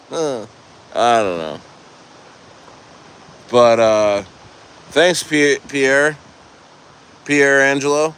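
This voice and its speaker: A man chats on a live stream from outdoors near the coast, with faint traffic hum behind him. He rambles loosely, answers his chat, laughs easily, and trails off and restarts his sentences. His voice sits at an everyday middle pitch. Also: drawn-out words, pauses often, a bit bright. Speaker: crypto livestreamer reading chat.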